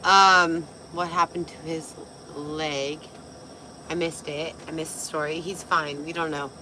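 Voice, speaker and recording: A young woman with a raspy voice, tipsy and chatting casually on a livestream, loose, giggly and swearing. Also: low-pitched, fairly even intonation, unhurried, noisy background. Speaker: vlogger.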